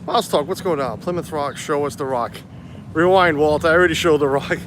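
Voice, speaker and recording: A man's voice: fairly high pitch, a little fast, noisy background. A man, fighting a cold, chatting casually on a live stream outdoors and answering viewers' comments. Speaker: vlogger livestreaming. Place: outdoors on a hot town street.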